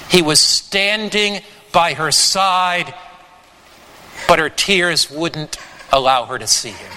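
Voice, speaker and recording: Bright slow preacher in a reverberant hall. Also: male voice, slight background noise. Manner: slow, emphatic preaching with dramatic pitch swings. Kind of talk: sermon.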